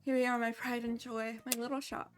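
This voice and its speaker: A woman's voice: fairly high pitch, little pitch movement, fairly quick, soft background music, natural voice. A woman voicing a folksy older aunt who runs a country shop, in a put-on Southern accent. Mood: brisk folksy. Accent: put-on Southern American.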